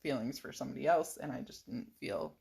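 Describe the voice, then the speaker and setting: A woman's voice: rumbling low, sing-song, a little fast, creaky, a little mellow. A middle-aged woman casually telling a rambling personal story in a vlog, full of fillers and little laughs. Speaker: vlogger.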